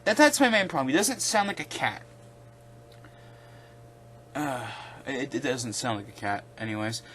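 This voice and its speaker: A man's voice: fairly high pitch, a bit bright, a little hiss or hum. A young man hosting his own video, ranting casually and with exasperation, rambling with restarts. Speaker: video host.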